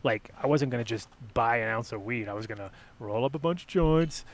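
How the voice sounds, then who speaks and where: Middle-aged man, podcast host, animated anecdotes, loose swearing, mid pitch. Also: fairly quick. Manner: animated, swears freely, lots of fillers. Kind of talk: casual storytelling.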